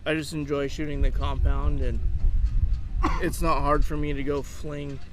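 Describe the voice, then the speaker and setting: A man answering interview questions outdoors in a relaxed, thinking-aloud way. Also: a little high, moderate pace. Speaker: guest archer. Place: outdoors beside a competition field. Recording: outdoor noise in the background.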